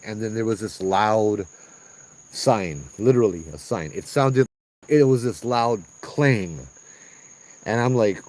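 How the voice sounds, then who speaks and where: A middle-aged man with a Hawaiian accent, telling ghost stories on location outdoors in a casual, animated way, acting out sounds and voices and saying "bro". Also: fairly low pitch, unhurried, rough recording. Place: outdoors at a trail at night. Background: crickets and insects.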